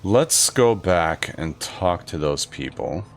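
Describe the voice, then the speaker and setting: A man giving relaxed, joking commentary while playing a video game. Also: low voice, takes it slowly, vocal fry. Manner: relaxed, joking asides, mumbled. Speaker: gaming channel host. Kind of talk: casual gameplay commentary. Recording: commentary over faint game music.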